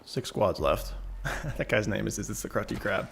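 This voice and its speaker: A man's voice: on the low side, moderate pace, gravelly, slight background noise. A Canadian man streaming a shooter game, talking through it casually and wryly, reading chat aloud. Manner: relaxed, chatty, wry, often laughing. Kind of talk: casual gameplay commentary.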